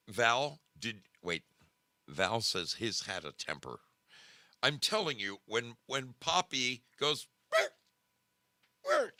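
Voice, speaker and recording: A man hosting a casual livestream, animated and emphatic, often repeating himself. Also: lowish voice, no room sound. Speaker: show host.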